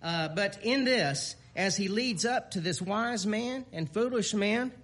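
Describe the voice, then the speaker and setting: A man giving an informal sermon, folksy and halting, with many fillers and restarts and chuckles at himself. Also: high-pitched, lively intonation, fairly bright tone. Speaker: preacher.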